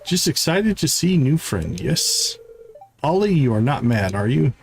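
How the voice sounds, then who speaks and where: A man voicing an excitable newcomer with halting, broken grammar while reading game dialogue aloud. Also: mid-range voice, vocal fry, a little hiss or hum. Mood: excited. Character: eager newcomer speaking broken, simple sentences.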